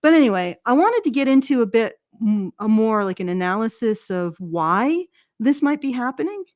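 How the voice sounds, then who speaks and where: A woman's voice: fairly high pitch, big pitch swings, normal speed, darkish tone, no room sound, clean studio sound. A Canadian woman with a Canadian accent, a regular on a political commentary show, rambling casually and correcting herself as she goes. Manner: rambling, self-correcting, chuckles at own jokes.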